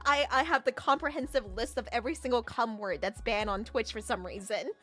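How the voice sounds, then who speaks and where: A young adult woman streamer chatting casually with viewers, teasing and often breaking into loud laughter. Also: fairly high pitch, fairly quick, soft background music. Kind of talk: casual livestream chat.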